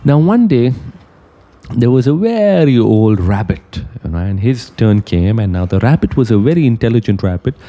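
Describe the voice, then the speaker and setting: A man's voice: medium pitch, big pitch swings, normal speed, dark tone. A man giving a motivational talk, telling a fable earnestly and emphatically and breaking off to draw its lessons. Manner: earnest, emphatic storytelling with asides. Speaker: motivational speaker. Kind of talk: motivational storytelling.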